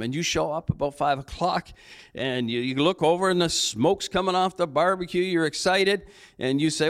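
Animated pastor preaching. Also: male voice, a little high, brisk. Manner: storytelling with playful acted-out dialogue and jokes. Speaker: lead pastor. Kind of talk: sermon.

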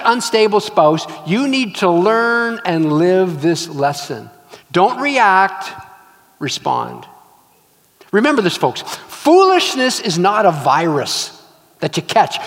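A male pastor preaching a sermon, telling stories and acting out scenes with emphatic repetition. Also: high-pitched. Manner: animated storytelling, acts out scenes, emphatic repetition. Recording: long reverb of a large hall.

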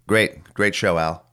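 Forties male host, very low and phlegmy, rambling solo talker with some cursing. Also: pushed and bright. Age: 40s. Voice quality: phlegmy voice that cracks. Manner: rambling, musing, mildly profane. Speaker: podcast host. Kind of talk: casual solo monologue.

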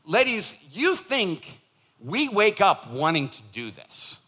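A man who is a pastor preaching a sermon in church, animated and joking, acting out the voices he quotes. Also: high voice, slow.

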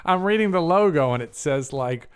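A man's voice: a little high, lively intonation, normal speed, clean tone. Rambling, profane podcast host guy. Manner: rambling, profane, restarts a lot with "like". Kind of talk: casual chat.

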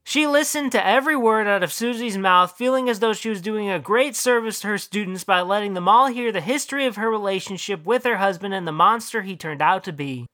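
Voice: medium pitch, brisk, hardly any pauses, sharp tone, no echo, studio quality. An author narrating their own short story and then chatting casually about it. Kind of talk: audiobook reading and casual commentary.

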